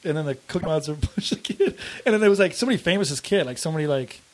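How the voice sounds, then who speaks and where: A man's voice: on the high side, lively intonation, rapid-fire. A man chatting casually as a podcast guest, rambling with many fillers and acting out quotes in voices. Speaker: comedian guest.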